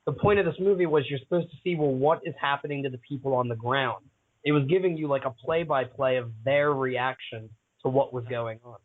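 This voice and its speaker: Explanatory male panelist, mid pitch, tinny phone-line audio. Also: fairly quick. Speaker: podcast panelist. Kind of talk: casual movie discussion.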